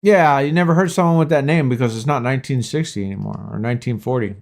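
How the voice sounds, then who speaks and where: A man's voice: mid-range voice, quick pace, creaky. A man hosting a mobile-game livestream, chatting in a rambling way and arguing back at his chat, with some casual swearing. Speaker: livestream gaming host.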